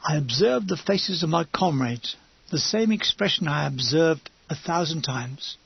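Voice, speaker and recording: A man's voice: on the high side, expressive, measured pace, gravelly, slightly rough, no echo. A man reading a comic war memoir as an audiobook, with wry, descriptive storytelling on a dull, dry recording. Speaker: audiobook reader.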